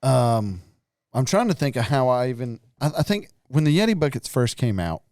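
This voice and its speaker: A man's voice: mid-range voice, very animated, moderate pace, a little mellow, no echo, clean studio sound. A man co-hosting a hunting podcast, talking in a laid-back, casual way and laughing often. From North Carolina, US. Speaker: podcast co-host. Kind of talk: casual chat.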